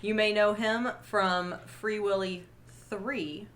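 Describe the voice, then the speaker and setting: A woman's voice: medium pitch, steady tone, slow pace, fairly bright tone. A woman co-hosting a casual podcast, chatty and laughing often. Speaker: podcast co-host.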